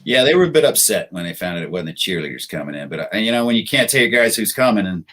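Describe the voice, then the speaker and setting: A middle-aged American man tells stories as a podcast guest, unhurried and anecdotal. His voice sits fairly low. He acts out the people he quotes. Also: sing-song, fairly bright tone. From United States. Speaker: podcast guest, retired special operations soldier. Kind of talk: casual storytelling interview.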